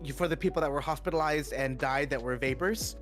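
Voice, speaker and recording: A man's voice: a little high, fairly quick, fairly bright tone, soft background music. A man on voice chat with a gaming group, upbeat and hyped, thanking viewers as he plays. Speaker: co-op player and streamer on voice chat. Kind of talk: casual voice chat.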